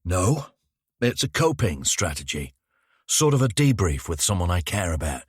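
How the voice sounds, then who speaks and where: A haunted detective, voiced by a man, talks low and close with a dry, sardonic edge. The voice sits very deep yet moves a lot in pitch. The sound is dry and close, with no room around it. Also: very animated, normal speed, breathy edge, dry recording, heavily acted. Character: haunted adult male detective, wry and calm.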